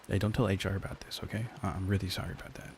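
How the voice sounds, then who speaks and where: Male streamer, low voice, crude joking banter, stammering restarts, faint rain behind. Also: steady tone, racing, a little hiss or hum. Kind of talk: casual stream chat.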